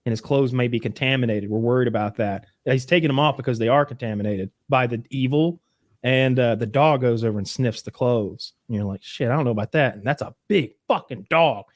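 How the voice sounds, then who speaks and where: A man's voice: medium pitch, a little fast, dry recording, studio quality. A man co-hosting a podcast, telling a rambling, profane story in casual chat. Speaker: podcast co-host.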